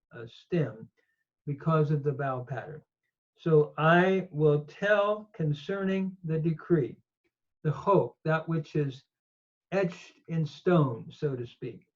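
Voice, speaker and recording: A man lecturing on Hebrew grammar at a very slow, measured pace, in a voice pitched a little high for a man. He reads a verse and then picks through its grammar, with slightly dull, lo-fi audio. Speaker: Bible teacher.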